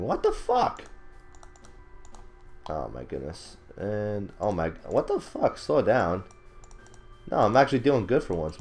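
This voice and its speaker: Deep-voiced young man cursing over gameplay. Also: a little mellow. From not British. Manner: rambling, swears a lot, laughs at himself, outbursts of frustration. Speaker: gaming commentator. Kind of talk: casual gameplay commentary.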